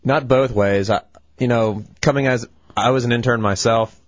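A man's voice: medium pitch, fairly even intonation, moderate pace, no room sound, highs cut off. A man, a former intern, giving his opinion casually as a guest on a radio show.

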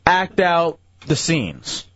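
A man hosting a radio show with casual, joking banter and a lot of laughing. His voice is quite high for a man. It sounds dry and dull, like a lo-fi studio recording. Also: big pitch swings, a bit bright, no room sound. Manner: laughing, quick jokes.

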